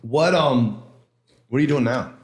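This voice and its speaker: A man's voice: medium pitch, unhurried. A man hosting a podcast, giving short encouraging reactions and asking casual follow-up questions. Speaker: podcast host. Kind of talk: casual interview. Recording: roomy studio echo.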